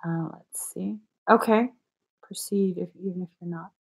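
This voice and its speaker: A woman's voice: on the low side, steady tone, moderate pace, vocal fry. A young woman chatting casually on a livestream as a spiritual energy reader, giggly and playful, swearing now and then.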